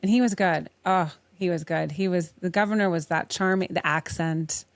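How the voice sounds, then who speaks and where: A woman's voice: lowish voice, normal speed, no echo. A woman hosting a podcast, chatting casually, swearing freely and laughing often. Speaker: podcast host. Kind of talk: casual interview chat.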